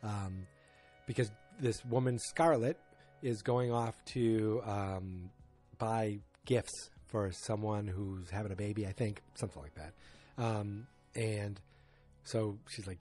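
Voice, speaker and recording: A man with a husky voice talks through a TV episode in a loose, rambling way, often circling back and restarting his sentences. His casual recap sits over faint background music. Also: fairly low pitch, measured pace, mellow. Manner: rambling, thinking aloud with many restarts.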